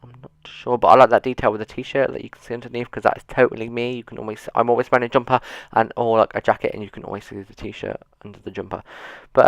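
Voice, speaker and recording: Here the same kind of gaming YouTuber speaks in a mid-range voice that is creaky yet smooth, with no echo in the recording. Seated at his computer, he rambles casually about a video game, mocking himself with dry sarcasm along the way.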